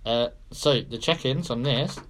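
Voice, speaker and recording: A man's voice: mid-range voice, unhurried, fairly bright tone, a little hiss or hum. A man co-hosting a casual beer podcast, chatty and jokey, often restarting his sentences. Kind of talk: casual chat.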